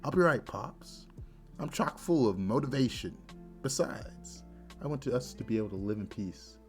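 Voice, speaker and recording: A man voicing a calm, deadpan young male fighter who speaks flatly and sounds unbothered. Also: mid-range voice, moderate pace, faint music behind, natural voice. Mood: calm determined. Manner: flat, unbothered.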